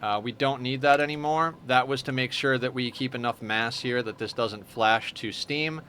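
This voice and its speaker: A man's voice: mid-range voice, normal speed. A man streaming a game live, chatting casually and explaining each step of his plan as he goes. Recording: steady background noise.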